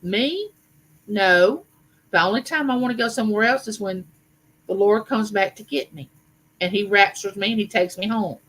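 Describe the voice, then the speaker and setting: Woman in her fifties hosting a live chat; bright voice, chatty and rambling, frequent fillers. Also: medium pitch, normal speed, low-quality recording. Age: 50s. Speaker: livestream host. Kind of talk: casual live chat reading viewer comments.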